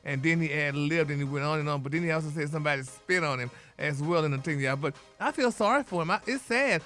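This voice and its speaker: A man's voice: fairly high pitch, fast talker, fairly bright tone, faint music behind. A man delivering celebrity gossip on a radio morning show in a flamboyant manner, calling listeners honey. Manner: flamboyant, sprinkles "honey" and "y'all". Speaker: celebrity news correspondent. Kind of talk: gossipy celebrity news segment.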